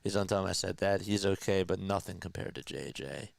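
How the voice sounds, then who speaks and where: A man hosting a casual live play-by-play stream, chatting with viewers and answering their comments between pitch calls. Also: a little fast, gravelly, dry recording. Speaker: livestream play-by-play host.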